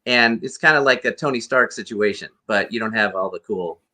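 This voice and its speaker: A man's voice: fairly low pitch, a little fast, sharp tone. A man, a guest actor and costume performer, earnestly telling a rambling story over a video call. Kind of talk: casual storytelling interview.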